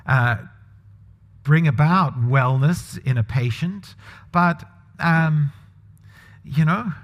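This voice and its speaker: A man gives a sermon in a relaxed, conversational manner and keeps asking the congregation questions. His voice sits a little higher than most men's. The sound carries a long reverb, as in a church hall. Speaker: pastor.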